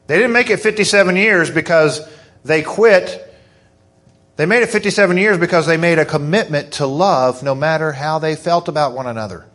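Middle-aged male preacher, high-pitched and hoarse, fervent sermon delivery that builds to excited emphasis. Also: moderate pace. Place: church.

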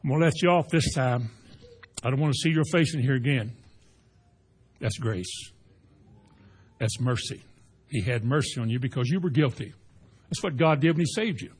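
A man preaching a folksy sermon, rising to loud emphatic peaks. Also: a little high, expressive, moderate pace, husky. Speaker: pastor.

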